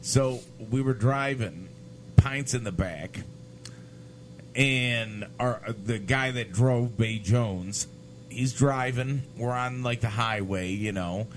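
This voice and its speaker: A man co-hosting a casual podcast slowly tells rambling road stories packed with swearing and fillers. His voice is medium in pitch, with slight background noise.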